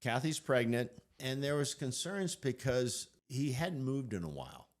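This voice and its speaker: An older man, a guest on an interview show, telling his story in an animated way and acting out what people said. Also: mid-range voice, unhurried.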